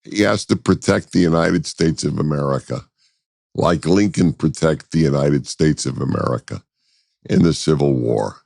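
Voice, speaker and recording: Very deep, slow, gravelly man. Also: darkish tone, no echo, studio quality. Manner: deliberate, with frequent hesitations and restarts. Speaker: guest commentator. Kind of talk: conversational interview answers.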